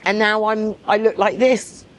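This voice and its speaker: A woman in her forties tells her own story straight to the camera for a documentary. She is blunt and emphatic, circling back on her words and swearing without pause. Her voice sits at an everyday middle pitch. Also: steady tone. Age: 40s. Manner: frank, repetitive, emphatic. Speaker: documentary subject. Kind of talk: candid personal testimony.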